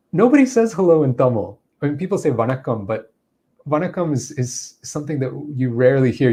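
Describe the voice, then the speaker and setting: Mellow-voiced man answering viewer questions. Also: mid-range voice. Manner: reads viewer questions aloud and repeats them before answering; relaxed, with frequent fillers and restarts. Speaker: English speech coach. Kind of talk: live Q&A.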